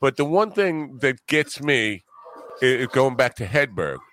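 A man's voice: medium pitch, very animated, measured pace, fairly bright tone. A man with a Long Island New York accent, hosting a casual chat and talking in a rambling, thoughtful way. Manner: rambling, thoughtful, with restarts and a dropping tone.

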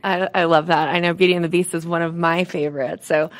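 A woman's voice: lowish voice, little pitch movement, fast. Bubbly woman morning TV host. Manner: bubbly, laughs a lot. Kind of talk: TV morning show hosting.

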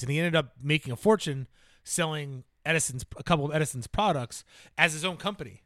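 A man in casual chat, relaxed and explaining a story. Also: fairly high pitch, quick pace, dry recording, clean studio sound.

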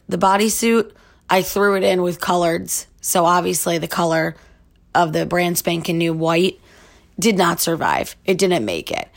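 A woman's voice: fairly low pitch, gravelly. A young woman hosting a podcast, telling a candid story in a chatty way full of likes and you-knows. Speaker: podcast host. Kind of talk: casual storytelling monologue.

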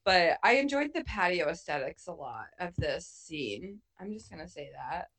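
Animated woman in a casual movie chat. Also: fairly low pitch, moderate pace. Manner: animated, swears a lot, acts out her reactions. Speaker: co-host.

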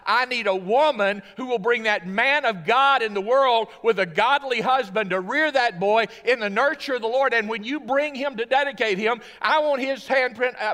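A man's voice: very high voice, bright, forceful tone, voice pushed up. A man voicing God as a tender, earnest, solemn male divine voice, speaking fervently and emphatically. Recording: long hall reverb.

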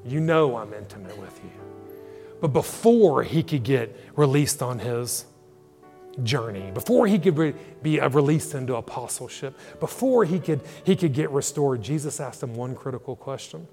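A man's voice: mid-range voice, lively intonation, normal speed, vocal fry, dark tone. A male pastor preaching a sermon, dramatically acting out scripture dialogue. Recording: long hall reverb with faint music.

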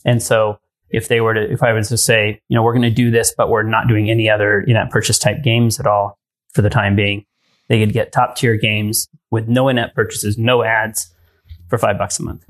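A man's voice: lowish voice, flat delivery, moderate pace. A man hosting a casual tech podcast who thinks aloud, with frequent ums and restarts. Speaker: podcast host.

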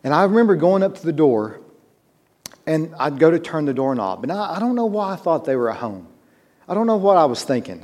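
A man's voice: fairly high pitch, darkish tone. Man preaching a story-driven sermon. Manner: conversational storytelling, rising to emphatic urgency.

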